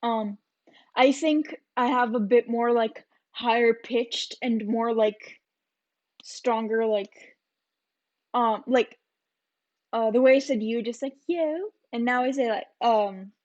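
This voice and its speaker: A woman's voice: on the high side, steady tone, slow, pauses often, darkish tone, muffled recording. A young woman vlogging in a casual, rambling reaction chat, giggling and full of fillers.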